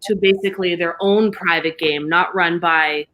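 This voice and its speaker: A Canadian woman whose voice sits lower than most, talking casually as a podcast guest. She rushes through her recollection, dotting it with fillers. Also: fairly even intonation, fairly bright tone, poor audio. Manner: quick, filler-heavy recounting with many "like"s. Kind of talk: casual chat.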